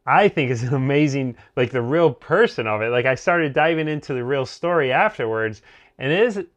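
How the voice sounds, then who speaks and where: A man in mid pitch, neither high nor low, co-hosting a casual TV review chat. He rambles along, piling up fillers and starting sentences over as he thinks aloud. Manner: rambling, heavy on fillers and restarts. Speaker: co-host of a TV review show.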